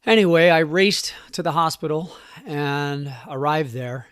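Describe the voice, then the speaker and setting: A man in his forties telling a personal story as a podcast host, in a somber, halting and emotional way. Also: fairly high pitch, clean tone, no echo, clean studio sound.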